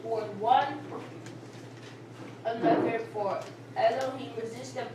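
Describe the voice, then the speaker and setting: A woman reads scripture slowly and carefully, stumbling a little. Her voice is slightly high and sounds far off. Heavy room echo and a steady noise surround her. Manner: slow, halting reading. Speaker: scripture reader. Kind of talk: reading scripture aloud. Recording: echoey room from far off, noisy.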